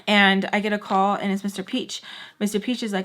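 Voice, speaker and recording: A woman telling a storytime vlog in an animated, chatty way, full of fillers. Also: medium pitch, brisk, a little hiss or hum. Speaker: vlogger. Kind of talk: storytime while doing makeup.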